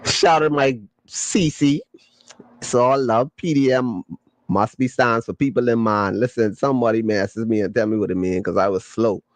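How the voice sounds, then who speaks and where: A man hosting a podcast, casually chatting and reading viewer comments in a playful, slangy, excitable way. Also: medium pitch, normal speed, no echo. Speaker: podcast host.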